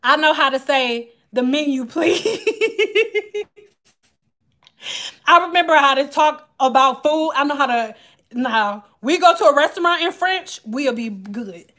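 Woman, thirties, high voice, chatty, joking, casual vlog talk. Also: animated, measured pace, sharp tone. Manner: chatty and joking, talks straight to viewers. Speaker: vlogger. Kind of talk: casual chat to viewers while doing hair.

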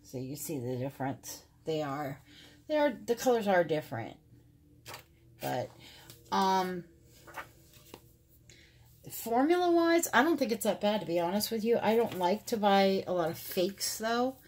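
A woman's voice: medium pitch, sing-song, measured pace, pauses often, darkish tone. A middle-aged woman chatting casually to her viewers as she compares two makeup palettes, rambling with many fillers. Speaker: beauty vlogger. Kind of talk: casual makeup review to camera. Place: home filming room.

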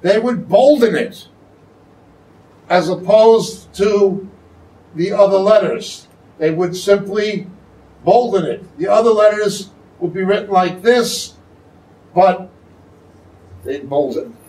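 Slow, high-voiced man teaching Scripture. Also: warm tone, far from the mic, poor audio. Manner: explains slowly, with frequent checking "okay?". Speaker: Bible teacher. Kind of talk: sermon-style Bible teaching. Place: church hall.

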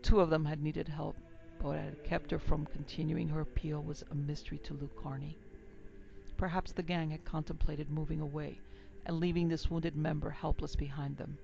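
A woman narrating a classic western story in a measured, even reading. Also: deep voice, gravelly, highs cut off, soft background music. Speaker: narrator and producer.

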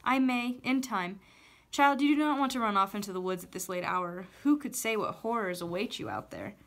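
A woman's voice: medium pitch, expressive, normal speed, a bit bright. A woman reading as a scheming witch. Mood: coaxing. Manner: coaxing, then haughty.

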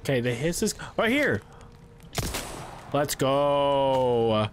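An excitable man commentating his game on a live stream into a close microphone, his pitch bouncing up and down. He talks casually with his viewers and bursts into swearing and yelling when startled. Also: drawn-out words, a little hiss or hum. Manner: chats with his chat between gameplay. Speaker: streamer playing a horror game. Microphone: streaming microphone close to his face.

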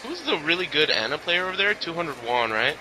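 A man's voice: on the high side, big pitch swings, brisk, noisy background. A man co-hosting a casual chat, teasing and swearing freely. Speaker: co-host. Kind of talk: casual chat over match footage.

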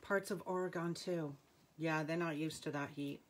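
A woman's voice: deep voice, fairly even intonation, normal speed. A middle-aged woman with a New England accent hosting a live jewelry sale, chatting with viewers and calling out item numbers.

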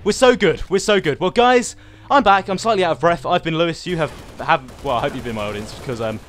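Playing at home, this young man narrates his own gaming stream in a rather high voice at a fairly quick clip. He rambles excitedly, shouting out to viewers and his teammate as he goes.

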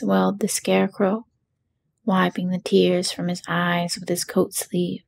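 A woman narrating an audiobook in a soft, hushed bedtime whisper. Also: lowish voice, little pitch movement, a little slow, creaky, a little hiss or hum. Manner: hushed and soothing.

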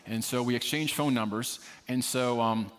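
A man's voice: medium pitch, moderate pace. A man preaching a sermon, telling a story with humor and poking fun at himself. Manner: humorous, self-deprecating storyteller. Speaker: pastor. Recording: long reverb of a large hall.

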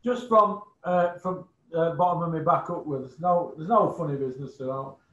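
A man's voice: on the high side, moderate pace, a bit bright. A man hosting a casual chat show, jokey and chatty. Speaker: host. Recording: echoey dull room sound.

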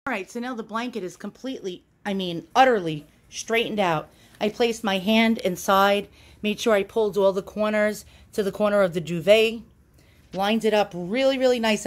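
Chatty woman filming on a handheld phone. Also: medium pitch. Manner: chatty, self-deprecating, many fillers. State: out of breath at times. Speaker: YouTube channel host. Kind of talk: casual how-to demonstration.

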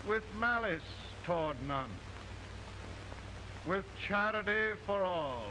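An actor playing a solemn president giving a formal, stately speech in a period film. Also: male voice, high-pitched, lively intonation, sharp tone, heavily acted. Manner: slow, stately, formal oratory. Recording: noisy film soundtrack clip.

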